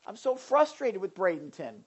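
Brief: preacher voicing a fed-up prophet, high and whiny, pleading upward. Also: big pitch swings, normal speed, slightly rough, lo-fi sound. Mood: frustrated pleading. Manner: whiny, exasperated complaining. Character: frustrated, pleading ancient prophet, adult man.

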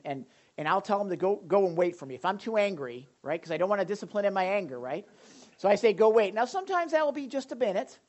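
Animated male pastor acting out scenes. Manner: animated, acts out scenes with sudden loud high outbursts. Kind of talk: sermon talk with audience sharing.

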